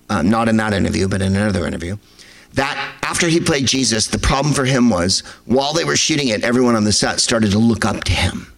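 Male comedian, digressive anecdotes, lively sing-song pitch, wry tone. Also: vocal fry, low-quality recording. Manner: wry, digressive, quick impressions of others. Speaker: comedian telling stories. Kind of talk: rambling storytelling to a live audience.

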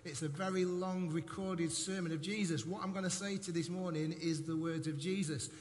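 A man's voice: a little high, steady tone, normal speed, a little mellow. A middle-aged pastor, preaching in a playful, jokey way to his congregation in a church hall. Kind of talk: sermon. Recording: echoey hall with faint noise.

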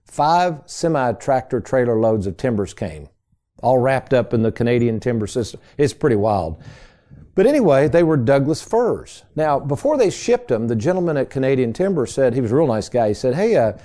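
A middle-aged man with a medium-pitched, mellow, sing-song voice talks at normal speed. He hosts a financial radio show, telling stories in a folksy, chatty way and calling listeners "folks."

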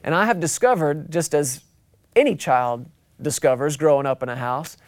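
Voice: mid-range voice, no echo. Emphatic pastor preaching, dry sound. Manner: emphatic, slows down to stress key phrases; calls out to the congregation. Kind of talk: sermon. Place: church.

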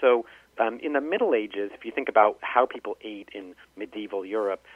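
A man's voice: on the low side, brisk, no echo. Man explaining over a tinny phone line. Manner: storytelling, many restarts. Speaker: author and linguist guest. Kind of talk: phone-in interview. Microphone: telephone.

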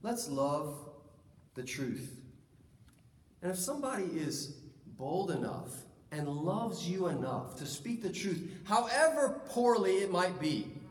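A man preaching a sermon in a church, lively and conversational, acting out stories. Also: high-pitched, slow. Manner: lively, conversational, acts out anecdotes. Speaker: pastor. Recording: echoey hall, distant mic, faint ambience.

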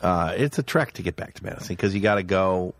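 A man's voice: low-pitched, lively intonation, quick pace, no room sound, clean studio sound. A hungover man from Wisconsin chatting casually, swearing freely and telling stories. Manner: profane, storytelling, mimics voices. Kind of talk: casual chat.

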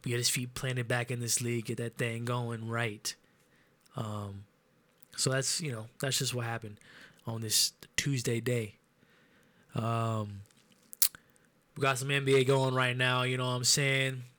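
A man's voice: mid-range voice, fairly bright tone. A man hosting a podcast, chatting loosely about sports with plenty of swearing. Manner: loose, profane sports banter. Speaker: podcast host. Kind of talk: casual podcast chat.

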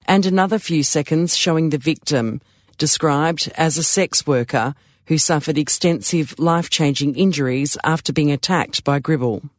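Male audiobook narrator, measured and even, slightly high voice, dry booth sound. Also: dry recording.

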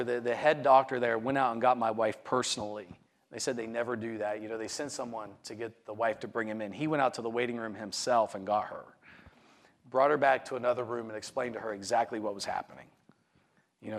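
This man, probably a pastor, has a mid-range, creaky voice. He earnestly retells his personal testimony to a congregation, frequently repeating words and starting sentences over.

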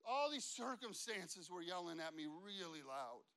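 A man preaching a sermon as pastor, talking conversationally with many "you know what I mean" asides, dropping to hushed, slow passages and rising into loud, animated storytelling. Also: high voice.

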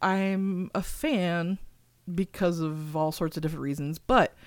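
A woman's voice: on the low side, fairly even intonation, unhurried, no echo, clean studio sound. A woman co-hosting a podcast, telling stories in casual chat, swearing freely and laughing often. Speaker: podcast co-host.

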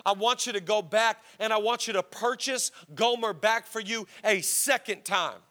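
A man's voice: sits high, moderate pace, pushed and bright. A man voicing God in a sermon retelling, giving firm, repeated commands. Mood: insistent. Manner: firm, repetitive, insistent. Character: God, calm insistent commanding voice.

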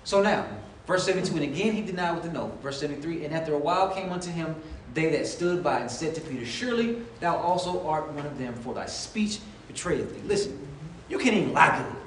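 A man's voice: on the high side, animated, quick pace, hardly any pauses, slight background noise. A man preaching a sermon in a conversational way, often acting out the voices of the people in his stories. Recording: echoey room, voice from a distance, faint ambience.

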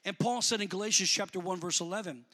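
A man preaching a sermon, talking in a plain, colloquial way to the congregation and rising to shouts before dropping back to easy talk. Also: high-pitched, fast talker. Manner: builds to shouting, then drops back to conversational.

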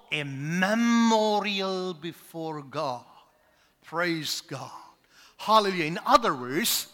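Guy preaching slow, high bright voice, goes from shouting to whispering, keeps saying praise god, big echoey church. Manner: swings from loud shouted climaxes to hushed whispers; peppers speech with "praise God" and call-and-response questions. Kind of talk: sermon. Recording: long hall reverb.

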